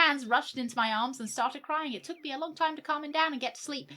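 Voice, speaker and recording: Bright-voiced woman streamer reading game text. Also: high voice, quick pace, few pauses. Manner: wry, with sweary joking asides. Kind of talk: reading game text aloud with live commentary.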